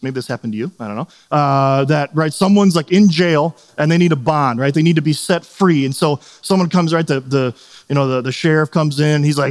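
A pastor in his thirties delivers a conversational sermon in a church sanctuary full of long reverb. His voice is fairly high and a little mellow, and he often checks in with "right?" while acting out quotes.

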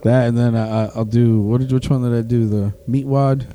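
A man co-hosting a podcast, chatting about movies in an animated way and slipping into joking voices. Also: mid-range voice, a little fast, background noise. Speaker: podcast co-host. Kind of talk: casual banter about movies.

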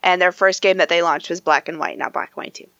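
A woman's voice: on the low side, fairly even intonation, fast talker, sharp tone, dry recording, lo-fi sound. A woman co-hosting a gaming podcast, chatty and teasing, with lots of "like". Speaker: podcast co-host. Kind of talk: casual gaming podcast chat.

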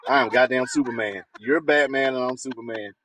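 A man co-hosting a podcast in casual chat, speaking in with loud, profane, animated banter. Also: medium pitch, brisk, low-quality recording. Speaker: podcast co-host.

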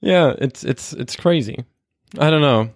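A man co-hosting a casual podcast chat, animated and laughing often. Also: medium pitch, a little slow, dry recording, studio quality. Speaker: podcast co-host.

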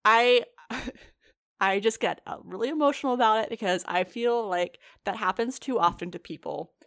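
A woman from the United States in casual podcast chat, animated, laughing often and swearing freely as she recaps a show. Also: on the high side, moderate pace. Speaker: podcast co-host reacting to an anime.

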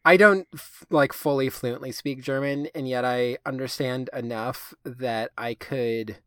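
With a steady, medium-pitched voice that's fairly bright and clean, this male co-host speaks a little slowly, rambling through casual podcast chat packed with fillers and casual swearing. Studio quality, no room sound.

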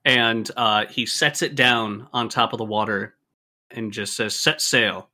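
A man narrating a tabletop game as game master, in a relaxed way with frequent fillers. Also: fairly low pitch, unhurried.

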